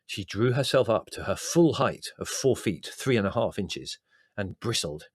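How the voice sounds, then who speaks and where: Man reading a wry memoir, lively. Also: on the low side, moderate pace, breathy edge, no echo. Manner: wry, dry understated storytelling. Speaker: narrator.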